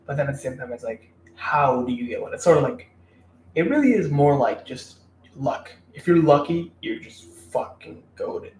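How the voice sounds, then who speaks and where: A man's voice: medium pitch, lively intonation, normal speed, darkish tone. A man giving blunt dating advice in a casual, rambling, profane rant to camera. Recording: roomy room, mic at a distance, faint background noise.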